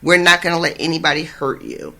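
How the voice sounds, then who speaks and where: A podcast co-host putting on a kindly innkeeper woman who gently reassures a frightened boy. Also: medium pitch, steady tone, a little fast, creaky. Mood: soothing.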